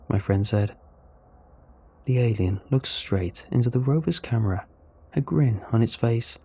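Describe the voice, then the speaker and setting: A man narrating a horror story in a measured, even storytelling voice. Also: lowish voice, vocal fry, breathy edge.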